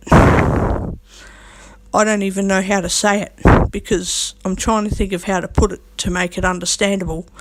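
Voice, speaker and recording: In a mid-range voice with no room sound, a woman talks unscripted to camera as a vlogger. Her manner is defiant, emphatic and crude, and she hammers her points repeatedly.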